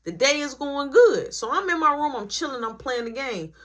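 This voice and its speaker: A man's voice: very high voice, moderate pace, a little hiss or hum. A man telling a family story storytime-style, acting out every voice. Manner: animated, acts out every voice. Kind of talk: storytime vlog.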